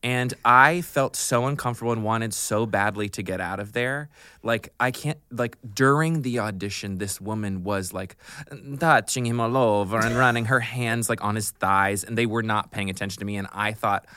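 Male actor guest, low bright voice, animated raconteur who plays out the characters in his story. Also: moderate pace, clean tone, dry recording, studio quality. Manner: chuckles often while he talks. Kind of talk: anecdotal storytelling.

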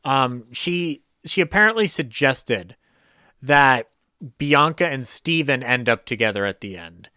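A man's voice: mid-range voice, animated, a little slow, pushed and bright, clean tone, no room sound, studio quality. A man co-hosting a casual podcast chat, who laughs often and restarts his sentences. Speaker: podcast co-host.

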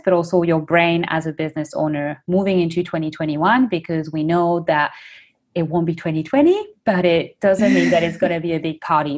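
A woman's voice: fairly low pitch, a little mellow. A woman co-hosting a podcast in casual chat, talkative, laughing easily and thinking aloud. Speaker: podcast co-host.

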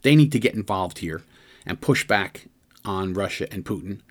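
Middle-aged man, political commentary, lowish voice, rhetorical questions, stumbling restarts. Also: expressive, moderate pace. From United States. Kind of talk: opinion monologue.

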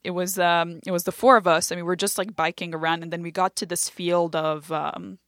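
Animated woman telling a story, dry sound. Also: fairly low pitch, a little fast, no room sound. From Lebanon. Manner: animated, self-deprecating storyteller who acts out quotes. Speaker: comedian guest. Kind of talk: casual conversational storytelling.

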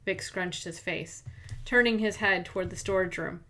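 A woman hosting a podcast, reading a mystery story aloud in steady, evenly paced scripted narration. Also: mid-range voice, moderate pace. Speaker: podcast host and author-narrator.

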